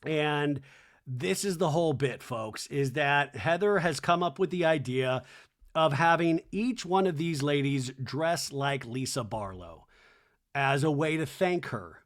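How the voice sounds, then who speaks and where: Casting note: chatty male podcast host, slightly high voice, rambling recap with wry asides. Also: animated, measured pace. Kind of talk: casual recap commentary.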